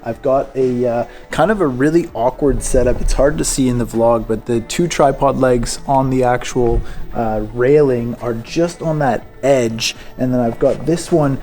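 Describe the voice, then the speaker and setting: A relaxed man talks through his photo shoot in an easygoing, chatty way, pausing on fillers as he goes. His voice sits at a middling pitch. Soft music plays faintly underneath. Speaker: photography vlogger. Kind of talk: casual vlog narration. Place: large indoor stairwell of a public building.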